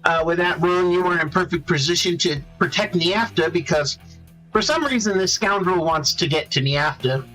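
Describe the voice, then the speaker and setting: Male game master, higher-pitched and bright, who stalls to find a word now and then. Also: normal speed, soft background music, poor audio. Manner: searches for words mid-sentence. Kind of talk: running a tabletop game.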